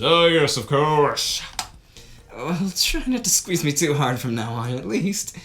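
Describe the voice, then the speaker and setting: Woman streamer, visual novel reading, lowish voice, huge pitch swings, music behind. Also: very animated, a little slow. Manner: theatrical, bursts into laughing shouts. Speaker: game streamer.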